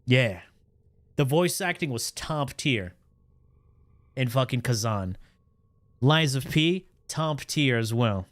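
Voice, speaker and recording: A man livestreaming and reacting in a casual chat, animated and profane, with his pitch swinging up and down. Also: takes it slowly, pauses often, no echo.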